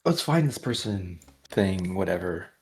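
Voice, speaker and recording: A man's voice: low-pitched, animated, a little slow, a little mellow. A man playing in a tabletop game, talking casually and bluntly, with the odd swear. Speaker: player.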